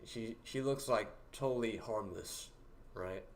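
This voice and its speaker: A young man with a fairly low voice hosts a casual livestream. He talks in a rambling, halting way, full of fillers and restarts, and chuckles at his own jokes. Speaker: livestream host. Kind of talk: casual storytelling to a livestream chat.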